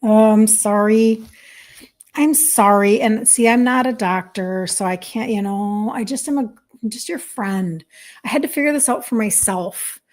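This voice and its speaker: A woman's voice: medium pitch, normal speed. A woman in her fifties from Minnesota, a health coach chatting casually on a livestream, reading viewer comments aloud in an earnest, apologetic way. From Minnesota, USA. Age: 50s. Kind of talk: casual live-stream chat.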